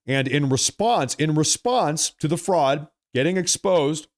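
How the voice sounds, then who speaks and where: A man's voice: on the high side, animated, unhurried, no room sound, clean studio sound. A man hosting live political commentary on a stream, emphatic and repeating lines for effect, calling his viewers folks. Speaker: livestream political commentary host.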